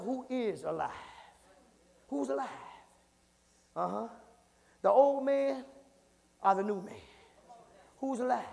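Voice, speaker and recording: A man preaching an impassioned sermon, swinging from low murmurs to shouts, repeating phrases and calling out to the congregation. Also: vocal fry. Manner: call-and-response, repeats phrases. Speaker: pastor. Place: church sanctuary. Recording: reverberant church hall.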